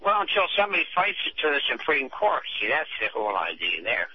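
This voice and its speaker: A man's voice: medium pitch, huge pitch swings, fast, lo-fi sound, slight background noise. A man speaking on a call-in radio show, folksy and opinionated.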